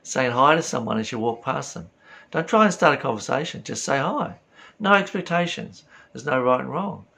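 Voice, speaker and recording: Man giving gravelly spiritual talk. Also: medium pitch, expressive, normal speed, bright, forceful tone. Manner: earnest, rhetorical questions, tells anecdotes. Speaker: spiritual teacher.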